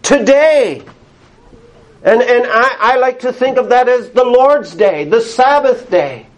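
A male pastor preaching a sermon in an earnest, emphatic way, pausing often and laughing softly. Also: very high-pitched, lively intonation.

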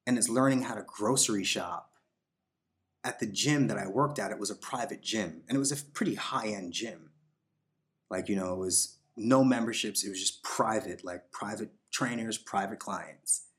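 Guesting on a podcast, a man with a lowish voice tells his own story in an unhurried, reflective way, complete with fillers and voiced quotations.

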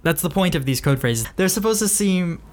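A man's voice: high-pitched, lively intonation, a little fast, a little hiss or hum. A man hosting a podcast, chatting casually and hesitantly about his writing, with frequent ums. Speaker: podcast host and author. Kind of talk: casual chat.

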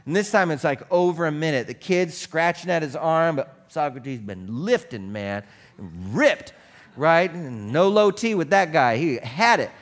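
A man's voice: a little high, expressive, a little slow. A male pastor preaching a casual, joking sermon, telling stories in a conversational way.

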